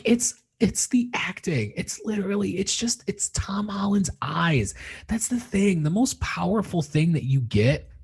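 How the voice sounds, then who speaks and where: A young man rambles through a spoiler review on his podcast, swearing freely and letting his feelings spill over. His voice is husky and slightly breathy. His pitch swoops up and down animatedly as he talks. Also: a little mellow. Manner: emotional, heavy swearing, rambling retelling. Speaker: podcast host reviewing a film. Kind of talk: casual spoiler review monologue.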